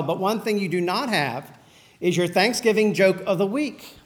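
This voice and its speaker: A man with a high voice preaches in an easy, conversational way. He tells stories and asks questions of his listeners, warming up to his message. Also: expressive, moderate pace. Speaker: pastor. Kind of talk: sermon.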